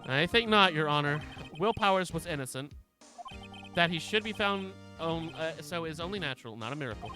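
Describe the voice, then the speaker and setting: A man voicing a smug, composed male prosecutor, speaking low and deliberately. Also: lively intonation, over music, natural voice. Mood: aloof.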